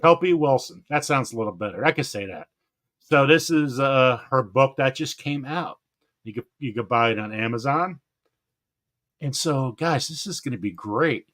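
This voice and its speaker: A man hosting a gardening live stream in casual chat, excitable, laughing often and stumbling over names. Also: medium pitch, normal speed.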